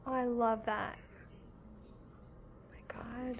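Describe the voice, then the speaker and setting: A young woman hosting a knitting vlog, gushing with excitement over handmade gifts in casual chat. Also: high voice, unhurried. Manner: gushing, effusive, exclamatory. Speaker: knitting podcast host.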